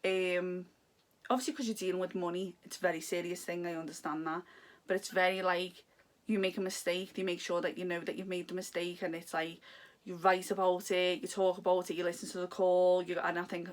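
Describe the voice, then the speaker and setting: A woman's voice: fairly low pitch, level tone, a little fast. A young woman vlogging at home, talking in a heartfelt, confiding, rambling way about her life. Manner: heartfelt, confiding, talks in long rambling runs. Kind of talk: candid personal vlog chat. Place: home room.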